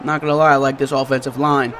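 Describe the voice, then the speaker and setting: A young man giving excited, animated commentary while playing a football video game. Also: medium pitch, fast, crowd noise. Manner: animated, shouts and laughs at plays. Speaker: gaming channel host.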